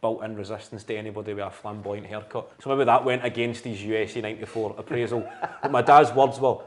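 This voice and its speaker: A man's voice: lowish voice, fast, slight background noise. Chatty Scottish man telling stories. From Scotland. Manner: anecdotal, animated storytelling with laughs. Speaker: guest comedian. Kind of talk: casual chat.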